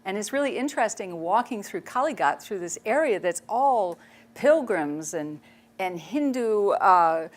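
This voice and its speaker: A woman photojournalist giving a public talk. She tells stories in a chatty, animated way and laughs often. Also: mid-range voice, a little slow. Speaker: speaker, photojournalist.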